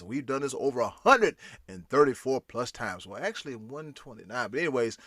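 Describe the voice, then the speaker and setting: A man hosting a sports podcast, chatting casually and doing energetic, showman-like segment segues. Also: medium pitch, fairly quick, no room sound, clean studio sound. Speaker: podcast host. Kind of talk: casual sports talk with announcer-style segues.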